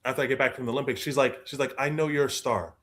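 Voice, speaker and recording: Animated storytelling man. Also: medium pitch, very fast. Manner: expressive, acts out quoted voices, repeats words. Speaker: guest author.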